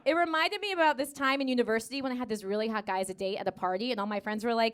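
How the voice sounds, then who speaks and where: An American woman performing a live stand-up set, animated and acting out dialogue in voices. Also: fairly high pitch, very fast, hardly any pauses, clear, resonant tone. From United States. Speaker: stand-up comedian. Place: theater stage before a laughing audience.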